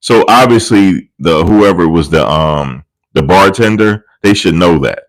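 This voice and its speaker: Deep-voiced man telling rambling stories. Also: expressive, measured pace, rough recording. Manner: rambling, profane, amused storytelling. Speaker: commentary channel host. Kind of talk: casual celebrity commentary. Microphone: desk USB microphone.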